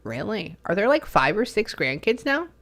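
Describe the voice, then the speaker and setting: Woman, spiritual medium, casual reading session, chatty, rambling, lots of fillers, mid pitch. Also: very animated, normal speed, a bit bright.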